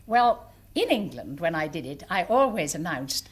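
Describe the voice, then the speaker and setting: A woman's voice: lowish voice, very animated, moderate pace, husky. Older woman entertainer telling stage anecdotes. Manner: chatty and amused, with small hesitations. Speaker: stage entertainer and monologue writer. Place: live theatre before an audience.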